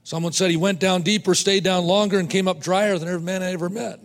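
A man preaching a sermon to fellow preachers, emphatic, repeating words and slowing down to stress points. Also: high voice, steady tone, big-room sound. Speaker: preacher teaching other preachers.

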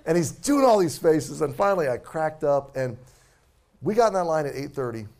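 A man's voice: fairly high pitch, sing-song, moderate pace, vocal fry, darkish tone. A man in his forties, a pastor preaching a sermon as a casual, self-deprecating story.

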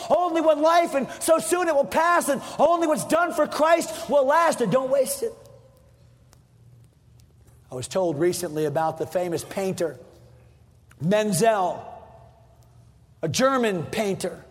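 A man preaching a fiery sermon as pastor, repeating his points, swinging from shouts down to hushed tones. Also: high-pitched, big pitch swings, unhurried, long pauses. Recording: long hall reverb.

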